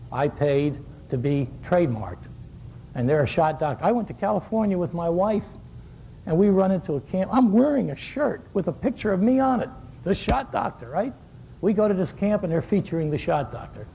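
A man in his sixties gives a shooting clinic, telling folksy stories full of joking asides. His voice sits high yet sounds mellow, with a gravelly edge. He hammers home his key words by saying them again and again to a live group. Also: slight background noise. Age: 60s. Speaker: basketball shooting coach. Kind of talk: coaching clinic talk.

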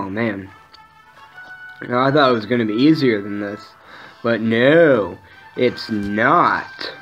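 A man giving casual, excitable commentary while playing a game, swearing often and talking back to the enemies. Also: mid-range voice. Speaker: gameplay commentator. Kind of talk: casual let's play commentary. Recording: dull lo-fi mic with faint game music.

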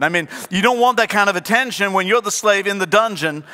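A male pastor delivers a sermon to a live congregation, acting out the characters as he tells the story. His voice sits high and bright. The sound carries the long reverb of a large church hall. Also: brisk, few pauses.

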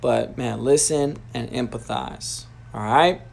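A man's voice: medium pitch, slow, creaky. A young man giving a casual motivational talk about sales, loose and rambling, dropping "man" and "you know" into nearly every sentence. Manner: loose, filler-heavy, says "man" constantly.

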